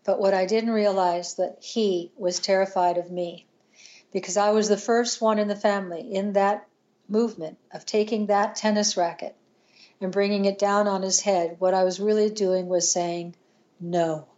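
An older woman, a podcast guest, tells a painful personal story in an earnest, halting way, with restarts and pauses. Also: mid-range voice, fairly even intonation, a little mellow, highs cut off.

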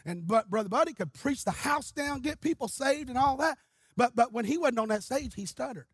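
High-voiced husky male pastor preaching. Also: animated, fairly quick, no room sound. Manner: storytelling, rising to shouting. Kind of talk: sermon.

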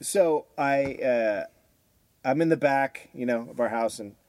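A man's voice: mid-range voice, measured pace, darkish tone, dry recording. A middle-aged man co-hosting a podcast, swearing freely and trading crude jokes in casual banter. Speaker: podcast co-host.

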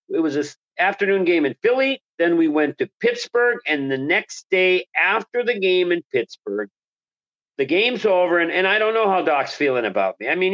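A man's voice: on the high side, highs cut off. A man who was a hockey color analyst, telling a long story as an interview guest, enthusiastic and rambling with restarts.

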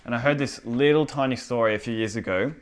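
A young man preaching a casual, conversational sermon with an animated delivery and lots of fillers. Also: medium pitch, quick pace.

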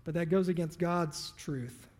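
A man's voice: on the high side, a little slow, a little mellow, in a large hall. A male pastor preaching a sermon, reading scripture aloud and then explaining it in a conversational way.

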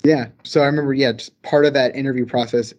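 A man's voice: mid-range voice, steady tone, quick pace, a little mellow. A young man in his twenties with a Southern American accent, an engineer and podcast guest, telling stories eagerly and enthusiastically. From rural American South. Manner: eager, enthusiastic, rambling storyteller. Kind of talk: casual podcast chat.

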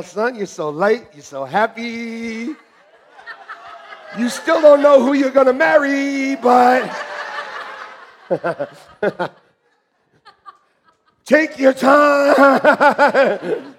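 A man preaching a sermon as pastor, animated and joking, laughing often with the congregation. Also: very high-pitched, creaky.

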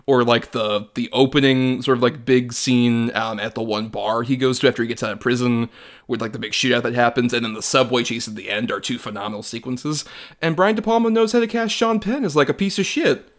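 A man's voice: medium pitch, steady tone, brisk. A young man co-hosting a film podcast, chatting casually, swearing and laughing often as he riffs. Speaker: podcast co-host.

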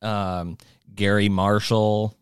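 A man's voice: on the low side, level tone, slow, smooth, dry recording. A man co-hosting a podcast in casual chat, laid-back and hesitant, with dry jokes. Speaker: podcast co-host.

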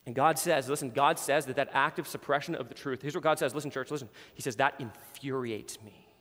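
A man's voice: mid-range voice, steady tone, fast, fairly bright tone, big-room sound. A man preaching a sermon as pastor, emphatic and repeating words for stress.

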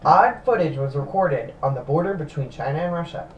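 A man's voice: on the high side, expressive, a little fast, highs cut off. A young man hosting a casual podcast, reading stories aloud with wry asides. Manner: wry, reads stories aloud between jokes. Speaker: host reading news stories. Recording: roomy, distant mic, faint noise.

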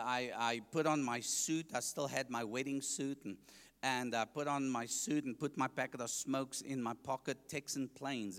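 A man's voice: mid-range voice, fairly bright tone, clear, resonant tone, in a large hall. A man with a South African accent, an evangelist preaching his testimony to a congregation, joking and asking the listeners questions.

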